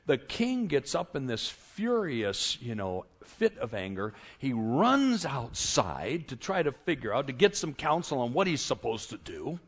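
A male preacher retelling a scripture story in an animated, dramatic way. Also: fairly high pitch, husky. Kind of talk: sermon storytelling.

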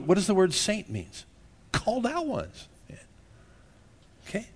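A middle-aged male pastor giving a casual, joking sermon, laughing often and tagging "man" onto his sentences. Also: sits high.

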